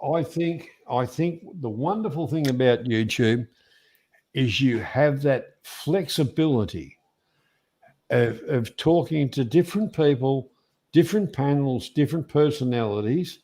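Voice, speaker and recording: A man's voice: medium pitch, expressive, unhurried, dark tone. A man hosting a live stream panel, teasing his guests and swearing freely. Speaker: host.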